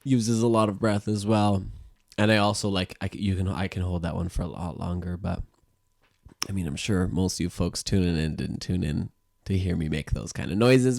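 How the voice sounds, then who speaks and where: Low gravelly man leading voice exercises. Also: moderate pace, darkish tone, no echo, clean studio sound. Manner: easygoing, rambling, filler-heavy. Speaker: music teacher and sound therapist. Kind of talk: guiding a voice exercise.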